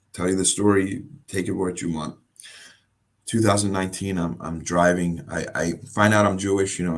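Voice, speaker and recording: An American man, a guest in an interview, telling a personal story in a halting, emotional way and often repeating words. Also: sits low, husky. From United States.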